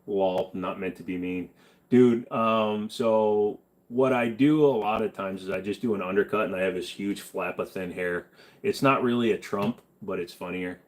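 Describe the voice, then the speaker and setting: A young man hosts a casual live stream, reading out comments and firing back bluntly, with a lot of swearing. His voice sits a little low for a man. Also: normal speed. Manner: blunt, profane, wisecracking.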